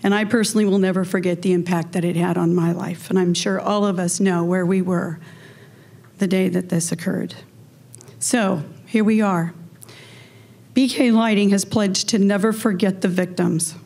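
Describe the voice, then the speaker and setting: A woman's voice: lowish voice, steady tone, normal speed, vocal fry, darkish tone. A woman hosting a memorial ceremony, telling a personal story in an earnest, heartfelt way.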